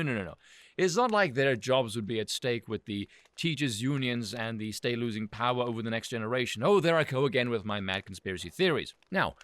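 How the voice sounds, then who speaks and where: A man's voice: mid-range voice, a bit bright, dry recording. A man delivering an angry, sarcastic, profane political rant as host of his commentary channel.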